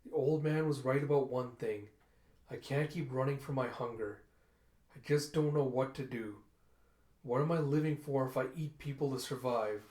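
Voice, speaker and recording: A man's voice: medium pitch, moderate pace, a little mellow, reverberant, natural voice. A man voicing a young half-wolf woman from a comic book, heated and pleading. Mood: despairing.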